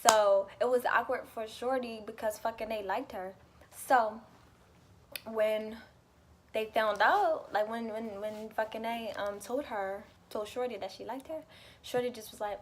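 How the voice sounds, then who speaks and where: A young woman telling a story in a casual vlog, animated and chatty, swearing freely and laughing often. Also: mid-range voice, measured pace, a little hiss or hum. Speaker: vlogger.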